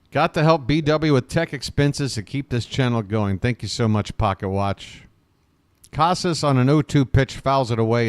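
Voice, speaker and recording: A man hosting a live fan play-by-play stream, calling pitches and thanking viewers, jokey and emotional. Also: no echo. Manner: chatty, thanks viewers warmly between pitches.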